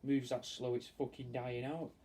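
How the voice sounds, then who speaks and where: A man's voice: mid-range voice, flat delivery, moderate pace, dark tone. A man chatting casually and meandering, swearing freely while he works on a taxidermy piece for fans. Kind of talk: casual rambling chat while working. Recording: distant mic with faint ambient noise.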